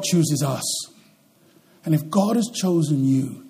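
A man preaching a sermon as pastor, swinging between loud, emphatic lines and quiet, slow ones. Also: a little high, lively intonation, creaky, breathy edge.

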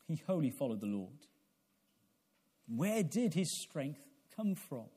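A man's voice: fairly high pitch, big pitch swings, a little slow, mellow, slightly rough. A man preaching an evening sermon, asking rhetorical questions and building to emphatic peaks, often repeating a word as he restarts. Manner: repeats words when restarting.

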